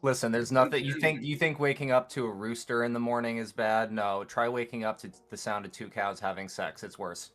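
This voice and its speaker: A man's voice: mid-range voice, fairly even intonation, brisk, few pauses, fairly bright tone, soft background music. A man on a trading livestream, joking dryly and calling out market timings. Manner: dry, joking, gives market time calls. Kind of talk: casual chat.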